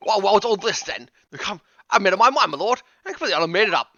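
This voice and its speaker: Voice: mid-range voice, very animated, rapid-fire, bright, forceful tone. A streamer doing a grumbling juror. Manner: blunt and grumbling. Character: gruff grudging male juror. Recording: muffled, with game music behind.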